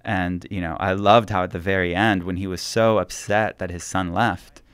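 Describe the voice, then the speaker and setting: Author guest, male, deep and calm, reflective storytelling, dry sound. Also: normal speed, clear, resonant tone, no echo. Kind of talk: radio interview, reflective storytelling.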